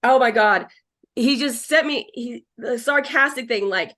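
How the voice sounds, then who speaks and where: A fairly high-voiced woman speaks as a guest over a video call. She talks in a chatty, excitable way, repeating words and leaning on "like". Casual swearing slips into her talk. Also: measured pace. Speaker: psychic medium guest.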